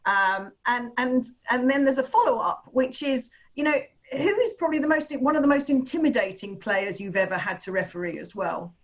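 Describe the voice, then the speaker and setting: Lady hosting a webinar q&a, friendly, slightly high voice. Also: very animated, brisk. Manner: friendly, laughing interjections, meandering questions. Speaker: webinar host. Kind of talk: hosting a panel Q&A. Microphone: video call.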